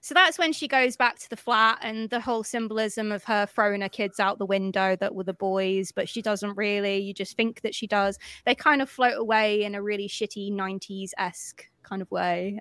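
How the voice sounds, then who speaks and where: A woman co-hosting a podcast, recapping a film in casual chat, animated and sweary, acting out the characters' lines. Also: mid-range voice, moderate pace, hardly any pauses, smooth, no echo, clean studio sound. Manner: animated storytelling, acts out quotes, swears freely. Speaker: podcast co-host.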